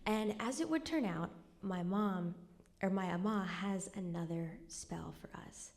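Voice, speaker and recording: A woman's voice: mid-range voice, unhurried, darkish tone. A young woman telling a true personal story live on stage at a cultural center, in a wry conversational way that drops to a near whisper at somber moments.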